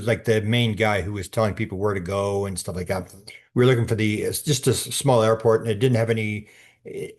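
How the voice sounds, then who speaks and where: An older man, a podcast guest telling a long anecdote in a rambling way, full of restarts and repeated words. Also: fairly low pitch. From Canada. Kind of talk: storytelling in conversation.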